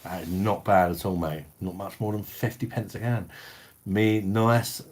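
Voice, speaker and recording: A man's voice: deep voice, fairly even intonation, unhurried, darkish tone. A middle-aged British man hosting a beer review livestream, chatting bluntly in slang, swearing freely and reading out viewer comments. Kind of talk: casual live-stream chat reading viewer comments.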